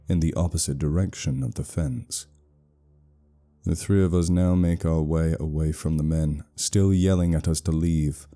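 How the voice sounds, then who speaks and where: A man narrates a scripted first-person horror story in a low, very dark and mellow voice. His delivery is measured and somber. Soft music plays faintly underneath.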